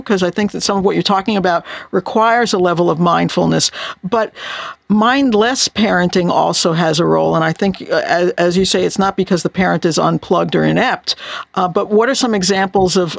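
A podcast host asking a guest a long, thoughtful question. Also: male voice, sits high, vocal fry, fairly bright tone, dry recording. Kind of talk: interview question.

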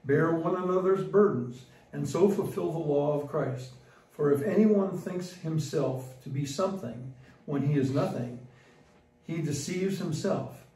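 Slow, mellow man reading an epistle. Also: a little high. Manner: slow reading with small slips and restarts. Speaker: epistle reader. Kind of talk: liturgical Bible reading. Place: church. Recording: echoey church from far off.

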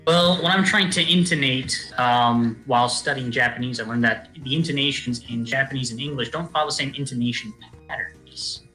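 A man with a bright, forceful voice explains things at length in a lecturing way. He fills his pauses with ums. He sounds like he is in an echoey room. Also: medium pitch, soft background music. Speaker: guest player on a call. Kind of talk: casual chat on a game stream.

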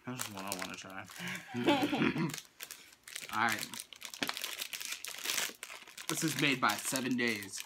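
A man's voice: fairly low pitch, big pitch swings, a little slow, long pauses. A man co-hosting a casual snack-tasting vlog, laid-back, slangy and teasing. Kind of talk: casual chat. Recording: noisy background with crinkling wrappers.

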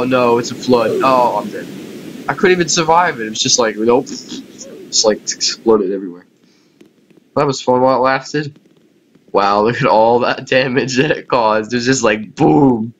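A man narrating his game as he plays, chatty and self-mocking, laughing at his own mistakes. His pitch sits in an ordinary middle range. Faint rain noise hisses softly behind him. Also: normal speed, rough recording. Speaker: gaming YouTuber. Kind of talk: casual let's-play commentary.

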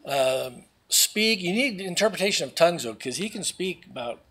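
A man's voice: fairly high pitch, expressive, normal speed, fairly bright tone, husky. A man closing a prayer in church, then making a light joke while introducing the speaker. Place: church sanctuary.

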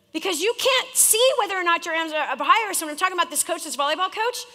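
A woman from California leading a live business seminar as a coach, teaching an audience in a direct, challenging, animated way. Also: extremely high pitch. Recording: long reverb of a large hall.

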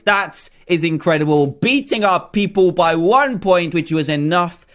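A young man hosting a gaming channel, giving excited commentary as he plays, often shouting and cheering at the game. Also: high-pitched, measured pace, hardly any pauses.

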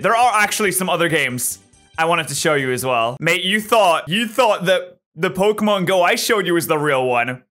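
A bright, high-pitched man rattles through jokey gameplay commentary, his voice swinging wildly up and down. He is excitable and yells at every win. Faint game music plays behind him. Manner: excitable, jokey, yells at wins, mock-slow reading. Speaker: gaming YouTuber.

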